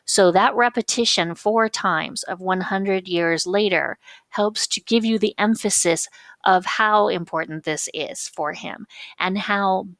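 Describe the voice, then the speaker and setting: A woman teacher explaining figures of speech patiently, reading quotations slowly and with emphasis. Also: mid-range voice, fairly bright tone, dry recording. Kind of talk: recorded lecture on figures of speech.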